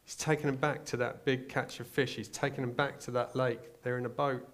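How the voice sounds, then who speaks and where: A male preacher delivering a sermon, moving from quiet storytelling to loud, urgent exhortation. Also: mid-range voice, little pitch movement, fairly quick.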